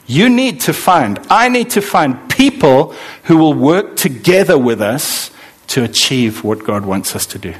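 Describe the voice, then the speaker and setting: A man's voice: a little high, very animated, a little slow, breathy edge. A middle-aged man preaching a sermon, emphatic, acting out the voices he quotes. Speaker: pastor.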